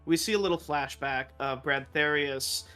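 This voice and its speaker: A man's voice: fairly high pitch, normal speed, bright, forceful tone, clear, resonant tone, soft background music. A man running a tabletop game as dungeon master, narrating with frequent laughs and fillers. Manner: laughing often, with fillers and restarts.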